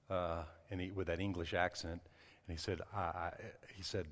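A man's voice: deep voice, steady tone, a little slow, pauses often, long reverb tail. A man preaching a sermon, telling a personal story in a loose, conversational way with frequent restarts and asides. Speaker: pastor.

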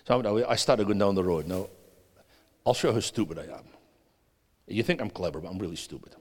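A man preaching a sermon as a guest preacher, animated, swinging between loud and hushed and putting questions to the audience. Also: lowish voice, fast. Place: church hall. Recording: long hall reverb.

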